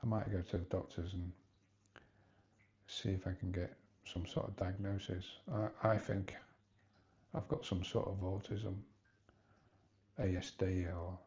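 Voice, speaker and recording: Low, gravelly man in his fifties, halting confessional vlogger, dull lo-fi sound. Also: darkish tone. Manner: hesitant, halting, rambling with restarts. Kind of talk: personal confessional vlog.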